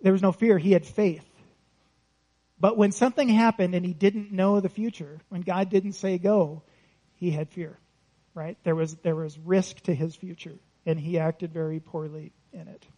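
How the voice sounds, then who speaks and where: Conversational male preacher with a high voice. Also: steady tone, normal speed, warm tone, rough recording. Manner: conversational, asks the congregation questions; laughs lightly between points. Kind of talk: sermon.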